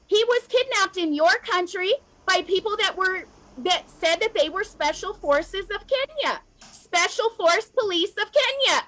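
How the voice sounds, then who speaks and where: A woman's voice: very high-pitched, lively intonation, unhurried, hardly any pauses, a bit bright, low-quality recording. An American woman speaking straight to camera in an emotional, impassioned rant, repeating herself and calling out governments directly. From United States. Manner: fiery, repetitive, addresses governments directly. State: emotional, near tears at times. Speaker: activist vlogger.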